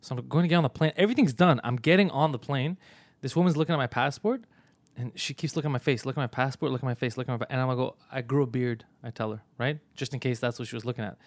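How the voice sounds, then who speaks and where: A Canadian man on a podcast telling a story in casual chat, acting out both sides with lively energy. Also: mid-range voice, racing, no echo. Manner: animated, acts out both sides of his story. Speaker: podcast host.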